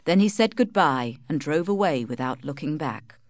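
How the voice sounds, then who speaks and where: A woman reading a classic tale aloud, measured and steady, with a lowish voice that rises and falls a lot. The sound is dry and close, with no room echo. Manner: measured, storytelling. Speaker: audiobook narrator. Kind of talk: scripted narration of a simplified classic.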